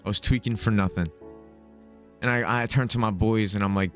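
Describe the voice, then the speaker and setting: A young man with a very low, deep voice tells a casual, comic story, rambling and swearing freely and packing his sentences with fillers. Faint music sits quietly behind him. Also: steady tone, a little fast, pauses often. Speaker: storyteller, video host. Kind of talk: casual comedic trip story.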